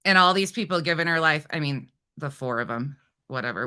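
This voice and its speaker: Angry, bright-voiced woman streamer ranting. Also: deep voice, lively intonation, fairly quick, smooth. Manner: angry, profane, taunting. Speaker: livestream host. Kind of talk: heated livestream rant.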